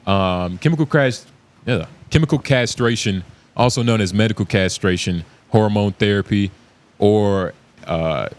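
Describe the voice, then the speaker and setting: A man's voice: fairly low pitch, measured pace. A man co-hosting a podcast in casual, argumentative chat, cursing freely and talking over the others. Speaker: podcast co-host.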